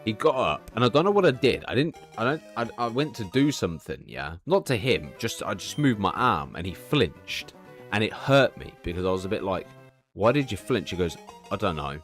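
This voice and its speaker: A young man with a very deep voice talks openly while streaming, swearing freely as he confides. Faint music plays underneath him. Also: sing-song, brisk, fairly bright tone. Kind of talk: casual live-stream chat.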